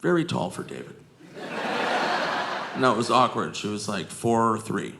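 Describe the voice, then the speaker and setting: A man telling stories on a comedy stage, animated, acting out the people in his stories and laughing at his own jokes. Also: on the low side, measured pace, gravelly. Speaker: stand-up comedian. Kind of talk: stand-up storytelling. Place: comedy stage before a live audience. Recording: live crowd laughter and noise.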